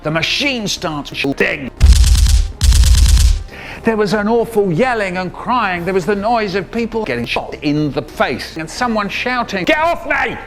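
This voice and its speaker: A man telling a comic story, dramatic and expressive. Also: measured pace, soft background music. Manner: expressive, dramatic swoops in pitch.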